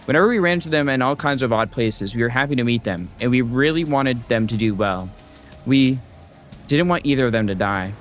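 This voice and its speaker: A man streaming a story game, reading the text aloud and reacting with excitable, swear-filled outbursts. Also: medium pitch, brisk, faint music behind. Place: home streaming setup.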